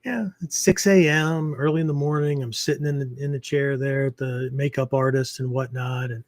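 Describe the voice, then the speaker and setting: Steady and medium-pitched, the man speaks at a moderate pace with no room sound behind him. He's hosting a martial arts podcast, loosely rambling through ideas in a casual teaching style, using many fillers and often asking "okay?"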